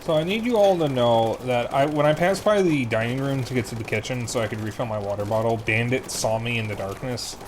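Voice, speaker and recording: A man streaming a game, chatting casually and telling animated stories between rounds. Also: mid-range voice, brisk, few pauses, a little hiss or hum. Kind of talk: casual gaming chat.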